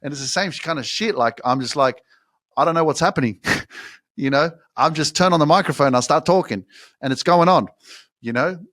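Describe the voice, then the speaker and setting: A man's voice: a little high, moderate pace, a bit bright, dry recording, studio quality. Profane, pushy motivational speaker, man. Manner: profane, pushy, coaching the listener directly. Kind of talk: casual motivational monologue.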